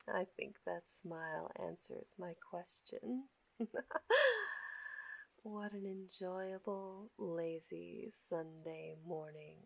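A young woman performing an intimate audio role-play in a breathy, emotional voice, with soft murmurs and gasps. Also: on the low side, steady tone, drawn-out words, pauses often. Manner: emotional, gasping, murmured closeness.

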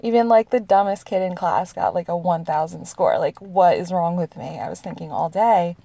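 Her lowish voice is creaky and dark, recorded with no room sound, and she speaks at a moderate pace. The storyteller, a US woman in her thirties, answers questions with casual confessional tales, laughing often and using "like" constantly.

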